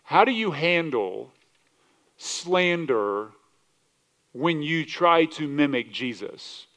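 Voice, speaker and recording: A male pastor preaching a sermon, animated, asking rhetorical questions and often restarting his words. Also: fairly high pitch, takes it slowly. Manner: animated, rhetorical questions, acts out quoted voices; repeats words and restarts mid-sentence.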